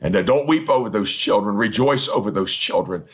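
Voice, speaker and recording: A middle-aged man, a pastor, preaching a sermon in an emphatic, fervent manner with a husky voice and repeated phrases. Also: lowish voice, animated, brisk.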